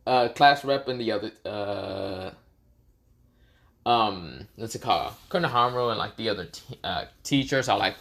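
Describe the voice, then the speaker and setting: A man's voice: lowish voice, unhurried, creaky, long pauses, a bit bright. A man telling an improvised fan story in a casual, profane way, laughing at his own jokes.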